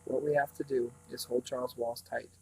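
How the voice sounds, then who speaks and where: A man's voice: medium pitch, flat delivery, brisk, warm tone, slight background noise, lightly acted, low-quality recording. A man reading aloud, voicing a determined teenage boy who talks in a firm, blunt way. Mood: urgent.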